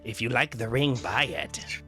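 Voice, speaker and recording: A woman's voice: a bass voice, lively intonation, measured pace, bright, forceful tone, faint music behind, voice pushed down, heavily acted. Man putting on a pushy old crone jeweler. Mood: goading.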